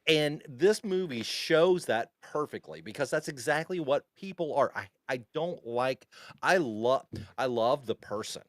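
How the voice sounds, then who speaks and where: A man's voice: medium pitch, lively intonation, a little slow, no room sound, clean studio sound. A man co-hosting a podcast, chatting in a rambling way and laughing often. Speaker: podcast co-host. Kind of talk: casual chat.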